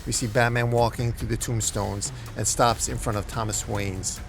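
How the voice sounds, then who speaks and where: A man's voice: mid-range voice, level tone, moderate pace, gravelly, faint music behind. A man hosting a comic recap, telling the story in a dramatic way. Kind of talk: comic book recap narration.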